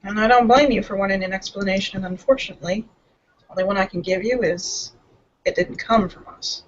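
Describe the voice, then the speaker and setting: Casual, dry player voice, middle pitch, muffled call sound. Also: fairly even intonation, fairly quick. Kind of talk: playing a character in a tabletop game.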